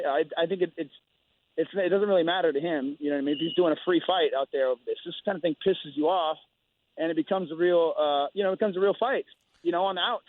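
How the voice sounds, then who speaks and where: A man's voice: a little high, no room sound. Rambling man on a tinny phone line. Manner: rambling, halting, many restarts. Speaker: guest fighter. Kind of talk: casual phone interview.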